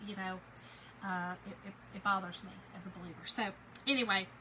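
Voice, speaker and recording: A woman's voice: mid-range voice, steady tone, brisk, bright, forceful tone, a little hiss or hum, low-quality recording. Shaken woman confiding to viewers. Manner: emotional, confiding, says "y'all" often. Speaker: livestream host. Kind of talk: casual livestream chat.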